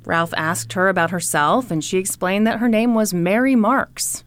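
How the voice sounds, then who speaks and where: A woman co-hosting a podcast, telling a story with playful teasing and dramatic pauses. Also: mid-range voice, dry recording. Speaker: podcast co-host. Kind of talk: comedic storytelling.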